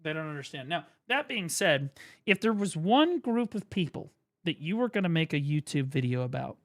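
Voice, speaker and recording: A man's voice: a little high, normal speed. A man streaming, ranting and mocking in a profane comedic style at a desk microphone. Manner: profane, mocking, lively rant.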